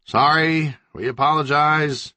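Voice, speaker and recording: A man's voice: high voice, very animated, moderate pace, husky, dry recording, pitched above the performer's own voice, exaggerated voice. A man voicing an exasperated male leader of a ninja squad who barks orders.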